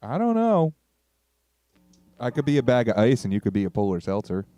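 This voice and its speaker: A man co-hosting a live stream, joking quietly and offhand. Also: medium pitch, big pitch swings, a little fast, no echo. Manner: quiet, dry, offhand jokes. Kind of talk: casual banter.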